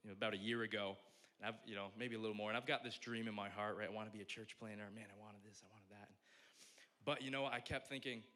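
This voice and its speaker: A man's voice: lowish voice, fast talker. A young adult man giving a casual, conversational sermon as a pastor, joking at his own expense. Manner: conversational, self-deprecating, animated.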